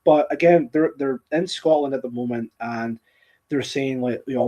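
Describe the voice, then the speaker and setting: A man's voice: mid-range voice, fairly even intonation, moderate pace, dark tone. A man hosting a live-streamed talk show, chatting casually with a rambling, restarting delivery. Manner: rambling, with frequent restarts and laughter. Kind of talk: casual chat. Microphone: streaming setup microphone.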